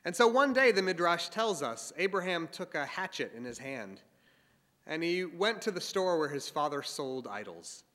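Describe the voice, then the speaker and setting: A male speaker tells an old religious story with dramatic flair. His voice is bright and rises high, and a long echo trails behind it in a large hall. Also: very animated, moderate pace. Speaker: symposium speaker. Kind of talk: storytelling speech.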